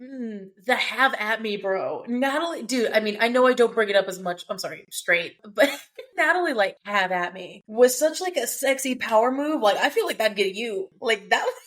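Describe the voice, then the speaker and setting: A young woman co-hosting a casual podcast chat, animated, laughing often, swearing casually and acting out quoted lines. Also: a little high, moderate pace. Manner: acts out quoted lines from the audiobook. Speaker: podcast co-host.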